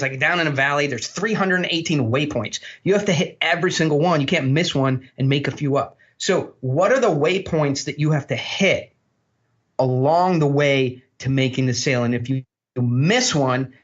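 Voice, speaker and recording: A man talking as a podcast guest, telling blunt, animated stories and swearing freely. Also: fairly high pitch, moderate pace, highs cut off. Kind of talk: storytelling interview talk.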